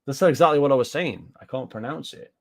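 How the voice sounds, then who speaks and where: A man's voice: mid-range voice, fast talker. A British man giving casual reaction commentary on gaming news, ranting and swearing, repeating himself and answering live chat.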